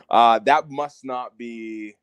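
A man's voice: medium pitch, a bit bright, no echo. Man chatting casually on a podcast. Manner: conversational, reflective, some fillers. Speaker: podcast co-host, wrestling promoter. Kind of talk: casual wrestling podcast chat.

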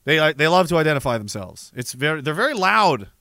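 A man's voice: fairly high pitch, big pitch swings, quick pace, pushed and bright, dry recording, clean studio sound. A man, hosting a livestream and reading out viewer messages in a rambling, profane and sardonic way. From Canada. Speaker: livestream host.

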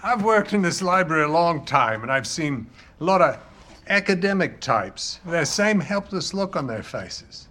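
A man playing a demon disguised as a librarian, drawling slowly in a shaky put-on Australian accent. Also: fairly high pitch, sing-song, bright, forceful tone. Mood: folksy. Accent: fake, shaky Australian. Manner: slow, drawling, folksy advice-giving. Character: demon posing as an old librarian.

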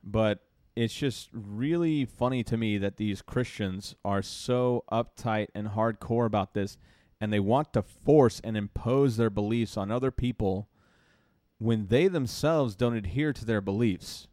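A podcast co-host, talking in a heated, profane rant. His voice sits on the low side and sounds dry and close, with no room around it. He speaks in a loose, casual chat style. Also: measured pace, warm tone, dry recording. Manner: heated, ranting, swears freely.

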